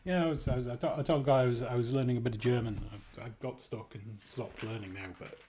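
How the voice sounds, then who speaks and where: A man's voice: medium pitch, fairly even intonation, fast, mellow. A man from the United Kingdom hosting a livestream, chatting casually and rambling with frequent restarts while he builds. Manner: rambling, self-interrupting, chuckling. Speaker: livestream host.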